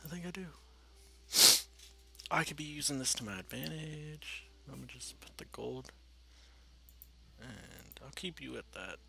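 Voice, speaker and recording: A man's voice: medium pitch, lively intonation, measured pace, creaky, long pauses, sharp tone, a little hiss or hum. A man giving casual, rambling let's-play commentary, swearing freely and talking to himself as he plays. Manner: rambling, profane, talks to himself while playing. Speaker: gaming channel host.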